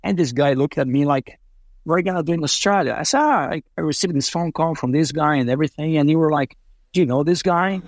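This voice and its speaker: A man from Brazil, an interview guest telling casual, animated stories with many fillers and acted-out quotes. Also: on the high side, quick pace, no echo, studio quality. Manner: animated, acts out quoted voices, frequent fillers. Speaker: interview guest, racing driver. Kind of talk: casual storytelling.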